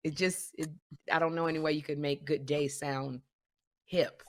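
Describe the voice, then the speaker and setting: A woman co-hosting a podcast, talking in an animated, self-deprecating, storytelling way. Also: low voice, normal speed. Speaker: podcast co-host. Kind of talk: casual chat.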